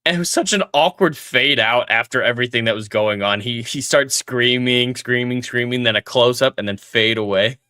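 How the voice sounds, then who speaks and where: A man co-hosting a casual podcast discussion, making his points in a measured, critical way. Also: mid-range voice, bright, forceful tone, clean tone, no echo, clean studio sound. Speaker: podcast co-host.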